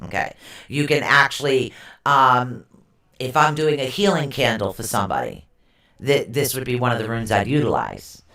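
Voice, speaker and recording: A man's voice: mid-range voice, big pitch swings, moderate pace, pushed and bright. Guy teaching runes on a live stream, keeps asking "okay?", roomy sound. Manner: explanatory, repeats and checks understanding. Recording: roomy echo.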